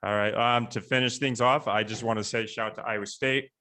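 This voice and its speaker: A young man hosting a casual podcast interview over a video call, relaxed and halting, with many fillers. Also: lowish voice. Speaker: podcast host.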